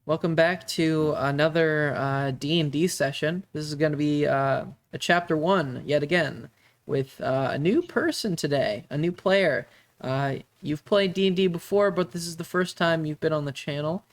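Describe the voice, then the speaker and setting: A man running a tabletop game stream as game master, narrating with many halting fillers. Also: on the high side.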